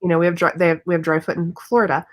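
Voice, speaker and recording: A woman's voice: on the low side, flat delivery, rapid-fire. A woman guest in a casual chat, talking earnestly and thoughtfully, with plenty of ums. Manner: earnest, thoughtful, with many fillers.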